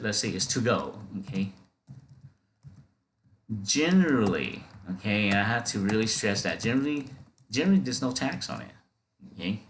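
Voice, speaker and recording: A man giving an off-the-cuff software training, repeating words, restarting phrases and checking in with "okay?" after each point. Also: fairly low pitch, a little hiss or hum. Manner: many fillers and restarts, talking off the cuff. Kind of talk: screen-recorded software training.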